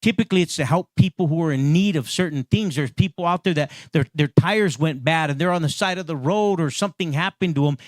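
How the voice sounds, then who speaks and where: A man's voice: a little high, a little fast, few pauses, no echo, clean studio sound. A male pastor preaching in a conversational way, restarting phrases and building to emphatic repetitions. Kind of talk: sermon.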